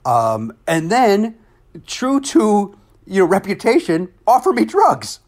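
A comedian and game show host telling a story in casual conversation, animated and self-deprecating. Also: male voice, sits high, slow pace.

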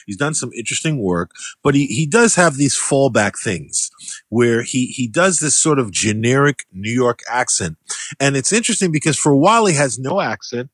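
A man co-hosting a casual movie review chat, measured and thinking aloud with fillers. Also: medium pitch, expressive, fairly bright tone, dry recording. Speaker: film critic co-host.

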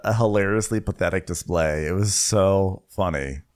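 A man co-hosting a podcast, wryly recapping a reality show with gossipy, squeaky impressions. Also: moderate pace. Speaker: podcast co-host. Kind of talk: casual recap chat.

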